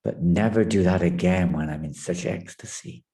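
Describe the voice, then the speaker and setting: Man doing a grave, hushed god Shiva. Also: normal speed. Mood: stern. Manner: low, hushed and grave, dropping to a whisper. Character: ecstatic male god, stern and lofty.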